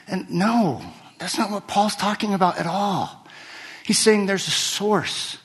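Fairly high-voiced man preaching a sermon. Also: measured pace, husky. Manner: conversational, repeats words while restarting phrases. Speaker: pastor. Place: church.

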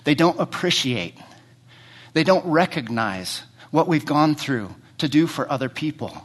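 A middle-aged man preaching a sermon as pastor. He asks his congregation many rhetorical questions and speaks in short fragments, often repeating words as he restarts. He moves between quiet, low questions and louder, higher stretches. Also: expressive, unhurried.

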